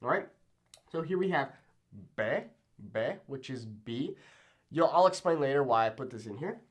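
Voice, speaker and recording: A young man teaching a Spanish pronunciation lesson at a board, upbeat, repeating words slowly and checking in with "okay?" after each one. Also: mid-range voice, lively intonation. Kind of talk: whiteboard language lesson. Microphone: camera in a classroom-style setup at a board.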